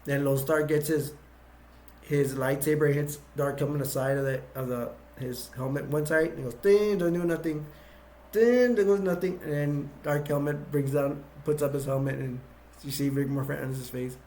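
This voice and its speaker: A man's voice: medium pitch, fairly even intonation, moderate pace, darkish tone, a little hiss or hum. A man casually retelling movie scenes scene by scene, rambling and restarting as he goes. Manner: rambling, full of fillers and restarts. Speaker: movie reviewer.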